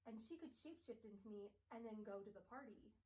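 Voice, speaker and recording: A woman's voice: mid-range voice, expressive, a little fast, darkish tone, distant mic, natural voice, low-quality recording. A woman voicing a glamorous female vampire informant in a jokey impression voice while recapping a book. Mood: breezy. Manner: mock impression of a famous man's voice.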